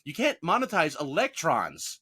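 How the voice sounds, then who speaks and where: A man's voice: on the high side, huge pitch swings, moderate pace, pushed and bright, husky. A man co-hosting a podcast in casual chat, making sarcastic, jokey asides. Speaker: podcast co-host.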